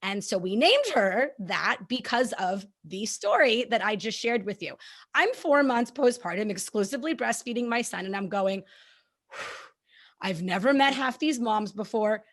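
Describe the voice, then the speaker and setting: A woman hosting a conversational interview, telling personal stories in an animated way with frequent laughter. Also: medium pitch, measured pace. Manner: animated, laughing, acts out her own thoughts. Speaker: host.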